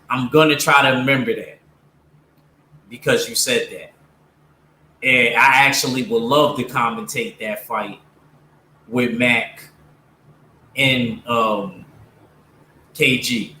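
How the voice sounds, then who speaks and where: Slow blunt man in an echoey room. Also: mid-range voice, pushed and bright, a little hiss or hum. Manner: blunt, opinionated, slangy, many fillers. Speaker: streamer talking boxing with viewers. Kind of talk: casual livestream commentary.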